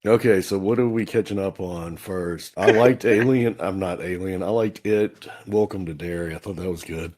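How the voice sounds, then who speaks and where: Deadpan male comedy co-host, husky and low, crude humor. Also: normal speed, few pauses. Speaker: podcast co-host. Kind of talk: casual comedy chat.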